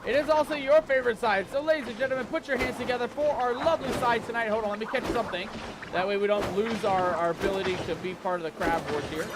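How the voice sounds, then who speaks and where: High-voiced hype-man streamer. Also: fast talker, noisy background. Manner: showman hype, pirate-themed banter with chat. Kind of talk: hyped live game stream commentary.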